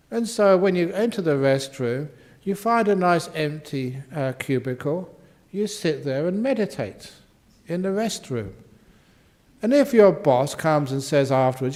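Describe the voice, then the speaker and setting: A man's voice: on the high side, very animated, unhurried, darkish tone. An older man, a Buddhist monk answering questions in a humorous dharma talk, playfully acting out quotes and sound effects.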